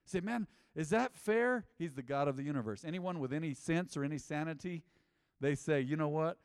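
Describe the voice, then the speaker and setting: Male pastor, lively interactive sermon, teasing the crowd; close dry mic in a reverberant church. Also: a little high, quick pace, clean tone. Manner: lively, jokes with the congregation, repeats answers.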